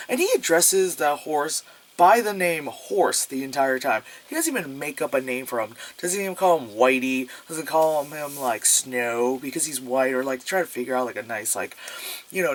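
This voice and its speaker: A man's voice: on the high side, expressive, normal speed. Rambling, sarcastic man reviewing a movie. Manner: rambling and sarcastic, heavy use of filler "like"; swears freely.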